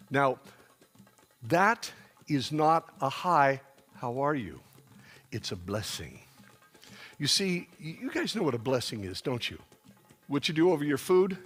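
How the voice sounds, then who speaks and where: A man's voice: medium pitch, fairly bright tone, husky. A male pastor preaching at a church dinner, teaching and leading the people in call-and-response.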